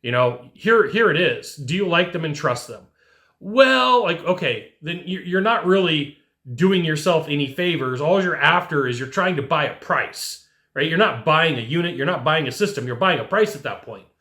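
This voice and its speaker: A man with a high, forceful voice coaches his listeners with animated, direct talk, often tossing in "right?" to check they follow. His voice rings in a roomy, echoey space. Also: moderate pace. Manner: animated, talks straight to the listener, keeps asking "right?". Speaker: sales coach. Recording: echoey room.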